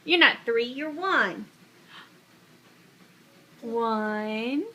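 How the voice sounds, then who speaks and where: A mother talks to her baby in a home video, her voice high and bright. She coaxes with slow, sing-song questions and gentle praise. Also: expressive, slight background noise.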